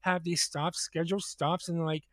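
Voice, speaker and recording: A man's voice: a little high, flat delivery, moderate pace, a bit bright, dry recording. Rambling man, dry close sound. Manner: rambling, hesitant, many fillers and restarts. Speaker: podcast co-host. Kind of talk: casual chat.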